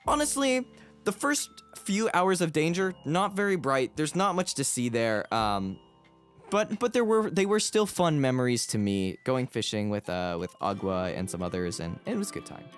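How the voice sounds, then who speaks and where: A man's voice: on the high side, very animated, moderate pace, clean tone. A man streaming casually, rambling and joking about himself with lots of restarts. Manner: rambling, self-deprecating, many restarts. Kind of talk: casual livestream chat. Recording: background music under voice.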